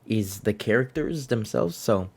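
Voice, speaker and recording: Chatty young man with a lowish voice. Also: a little slow, a little mellow, husky. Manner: rambling, chatty, frequent restarts and laughs. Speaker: manga reviewer. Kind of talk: casual video review.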